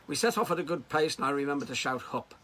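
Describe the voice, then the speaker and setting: A man from Liverpool, a riding coach, telling personal anecdotes in a lively, storytelling way. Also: fairly high pitch, very fast, a little hiss or hum. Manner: anecdotal, lively delivery with acted quotes.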